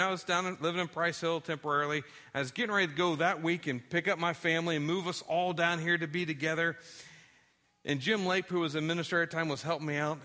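Male pastor, bright tone, animated sermon storyteller. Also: fairly high pitch. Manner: animated storytelling, drops to quiet tones for sad moments.

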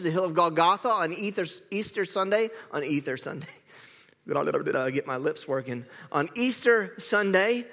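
A man's voice: high-pitched, bright, forceful tone, big-room sound. A man preaching a sermon, chatty and self-correcting, joking with the congregation. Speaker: pastor. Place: church sanctuary.

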